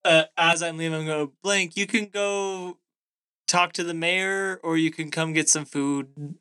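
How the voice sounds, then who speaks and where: A young man playing his character in a tabletop game, dry-humored and lively. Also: fairly high pitch, measured pace, clear, resonant tone. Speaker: player. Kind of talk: tabletop role-play.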